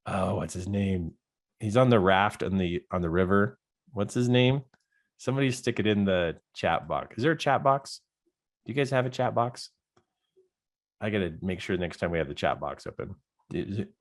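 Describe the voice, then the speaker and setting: A man giving a motivational coaching talk, animated and often laughing as he acts out inner voices. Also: fairly low pitch, moderate pace. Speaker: life coach.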